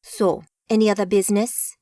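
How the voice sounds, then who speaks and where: A man's voice: sits high, level tone, normal speed, warm tone, no room sound, studio quality, lightly acted. A woman voicing a man who leads a coven, firm and sarcastic. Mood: defiant.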